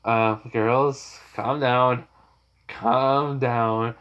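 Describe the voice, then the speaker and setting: A man's voice: medium pitch, steady tone, extremely slow, a bit bright, clear, resonant tone, dull audio. A man voicing a cocky but panicky teenage boy ninja, pleading nervously.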